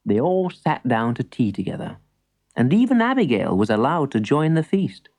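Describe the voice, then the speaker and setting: A woman reading a children's story aloud, an expressive storyteller. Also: rumbling low, moderate pace. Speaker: narrator.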